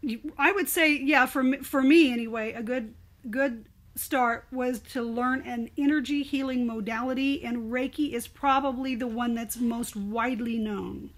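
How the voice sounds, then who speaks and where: As a guest in an interview, an older woman relates her story at normal speed, her voice pitched high. She sounds animated and expressive while keeping things casual and conversational.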